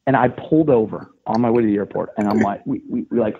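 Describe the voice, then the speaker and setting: A man, a sports radio host, retelling a story in casual podcast talk, getting animated and loud as he goes. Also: racing, a little hiss or hum. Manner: excited, animated retelling with rising pitch. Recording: tinny phone line.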